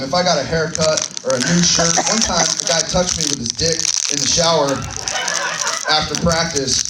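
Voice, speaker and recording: Stand-up comic with a Texan accent. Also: male voice, fairly high pitch, normal speed. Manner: deadpan storytelling with sudden loud shouted bits. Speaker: stand-up comedian. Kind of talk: stand-up comedy set. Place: comedy club stage. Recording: roomy club sound from far off, audience noise.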